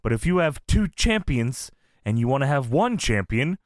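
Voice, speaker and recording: Animated, profane man recapping wrestling. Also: medium pitch, moderate pace, no echo, clean studio sound. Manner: profane, laughing, animated retelling with impressions. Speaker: podcast co-host. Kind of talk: casual wrestling recap chat.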